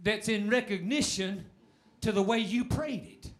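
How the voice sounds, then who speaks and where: A man preaching a sermon, moving from shouted calls for praise to quieter, quicker teaching. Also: high-pitched.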